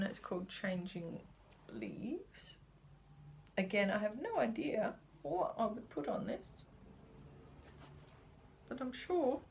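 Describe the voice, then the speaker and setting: A woman's voice: fairly high pitch, slight background noise. A woman, chatting casually as she shows her cross-stitch supplies, rambling a little and sometimes dropping to a whisper. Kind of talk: casual chat showing craft supplies.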